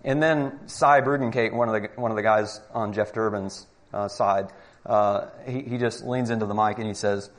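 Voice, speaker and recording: A man's voice: on the low side, steady tone, normal speed. A man giving a Christian apologetics talk to a live group, arguing emphatically with rhetorical questions.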